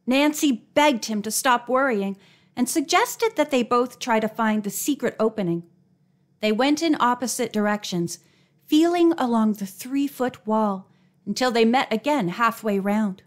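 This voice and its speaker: Woman narrating a mystery audiobook. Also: a little slow. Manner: expressive, raises her pitch for dialogue. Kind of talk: scripted narration.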